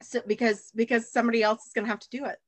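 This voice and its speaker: A woman's voice: on the high side, level tone, very fast, no room sound. A woman in her thirties from the United States, a baker and chef, talking as a guest in a casual interview and rambling with many fillers and restarts.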